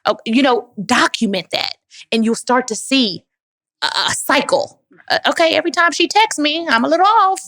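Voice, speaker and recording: A woman's voice: high-pitched, expressive, normal speed, fairly bright tone. A woman from Dallas, Texas, answering audience questions in an emphatic, preachy motivational way, calling listeners "baby.". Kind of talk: motivational live Q&A talk.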